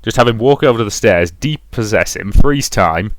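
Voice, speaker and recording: A man hosting a let's play, reading a visual novel aloud with brisk narration and chatty asides. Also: on the low side, animated, a little hiss or hum.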